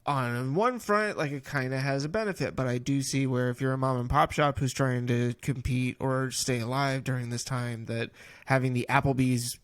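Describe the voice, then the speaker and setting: A man's voice: medium pitch, steady tone, moderate pace, clean tone, no room sound. A man co-hosting a podcast, talking casually and dropping teasing quips. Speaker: podcast co-host. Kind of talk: casual chat.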